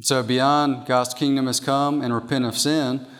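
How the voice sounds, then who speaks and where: A man's voice: medium pitch, flat delivery, unhurried, a bit bright. Man preaching in a reverberant hall. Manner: emphatic, repeats key points. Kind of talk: sermon teaching from an outline.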